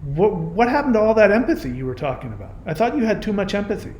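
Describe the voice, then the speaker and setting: A man's voice: high-pitched, sing-song, fast talker, a little mellow, highs cut off, slight background noise. A man hosting his own channel, delivering an impassioned reaction monologue in an emphatic, indignant, repetitive way. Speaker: YouTube channel host. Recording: roomy echo.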